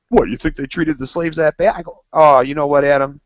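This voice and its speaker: A man's voice: fairly high pitch, fast, dry recording. Guy on a podcast rambling thru a story, swears a lot, dull lo-fi sound, dry mic. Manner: rambling storyteller, swears freely, acts out quotes. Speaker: co-host. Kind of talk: casual banter among friends.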